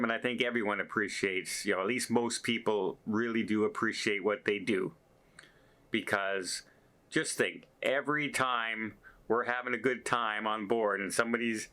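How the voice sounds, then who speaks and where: A man's voice: mid-range voice, pushed and bright. A man telling stories to the camera as a cruise vlogger, in an earnest, appreciative and rambling way. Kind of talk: casual storytelling to camera.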